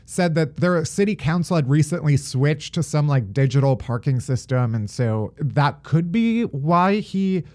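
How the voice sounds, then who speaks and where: High-voiced joking male co-host. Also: expressive, darkish tone. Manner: wry, joking, quick to laugh. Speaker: podcast co-host. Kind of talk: comedic news chat.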